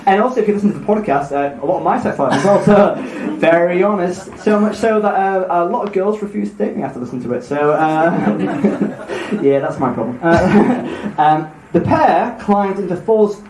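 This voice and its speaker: A man hosting a live podcast, retelling a myth in a rambling, self-mocking way with quick asides. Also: high voice, animated, a little mellow. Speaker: podcast host. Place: live event room with audience. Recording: echoey live room, faint noise.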